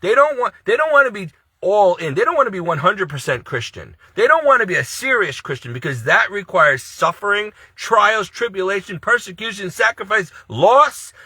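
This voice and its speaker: A man pours out a distressed, pleading monologue in a high, bright voice with a husky edge. He speaks to the camera with mounting exasperation, recorded dry and close. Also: lively intonation, fairly quick, few pauses, no echo. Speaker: Catholic video creator.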